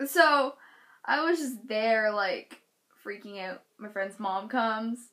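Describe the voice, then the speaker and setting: Teen girl vlogging a storytime, high voice, bright, acts out the quotes and yells sometimes. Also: drawn-out words. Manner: animated, acts out quotes with loud shouted outbursts. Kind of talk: storytime vlog.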